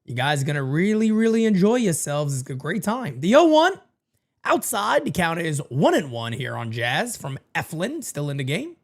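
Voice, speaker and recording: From his home desk mic, a man calls a baseball game live for his stream's watch party, bouncing between hype and low, quick asides. His excited bursts swoop upward as he chats casually with viewers, covering play-by-play plus a sponsor read.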